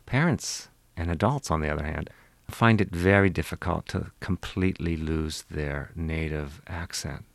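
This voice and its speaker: A very deep-voiced man with a Western Pennsylvania accent speaks close to a studio microphone in a dry, dead room. He answers interview questions like a professor, measured and explanatory, pausing to demonstrate sounds. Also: vocal fry, dry recording. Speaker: linguistics professor, interview guest.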